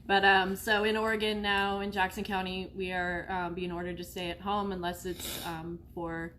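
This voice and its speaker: A woman's voice: fairly low pitch, flat delivery, moderate pace, a bit bright, a little hiss or hum. A woman who helps run a recovery cafe, chatting casually on a livestream. She is giggly and loose, searching for words as she goes.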